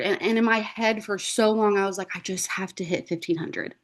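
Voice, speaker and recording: A woman's voice: medium pitch, steady tone, brisk, few pauses. Chatty woman telling her story. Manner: chatty, frequent "like" and "um", acts out quoted dialogue. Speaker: guest speaker. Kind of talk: casual personal story on a team call. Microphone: video call.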